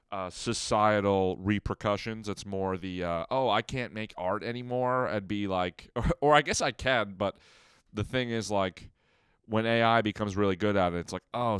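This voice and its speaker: A man's voice: lowish voice, fairly bright tone, clear, resonant tone, no echo. Young guy comedian rambling on his vlog, lotta ums, dry close mic, no room sound. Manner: rambling, filler-heavy, self-doubting. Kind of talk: casual solo vlog monologue.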